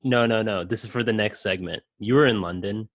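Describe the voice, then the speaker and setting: A man's voice: fairly low pitch, a little fast, no room sound, studio quality. A young man hosting a casual comedy chat, joking loosely and laughing often. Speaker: podcast host.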